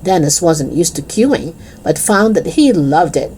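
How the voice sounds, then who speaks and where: A woman reading a children's chapter book aloud in an expressive, lively storytelling manner. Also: deep voice, unhurried, a little hiss or hum.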